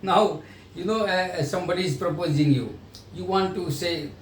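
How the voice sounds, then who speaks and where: A man's voice: sits high, normal speed. A man giving a sales training lecture in an explanatory manner. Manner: explanatory, acts out sales dialogues. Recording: echoey room, voice from a distance, faint noise.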